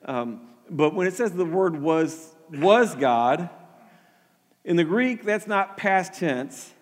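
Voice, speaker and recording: A man's voice: on the high side, lively intonation, takes it slowly, in a large hall. A man preaching a sermon with earnest energy, often repeating words as he starts a thought and building to emphatic peaks. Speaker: pastor.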